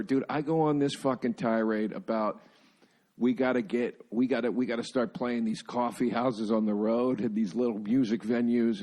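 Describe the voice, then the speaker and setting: A man's voice: medium pitch, darkish tone. A middle-aged male comedian co-hosting a podcast, telling long casual stories peppered with swearing and "dude.". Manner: swearing, rambling anecdotes with lots of "dude" and "man". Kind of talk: casual chat.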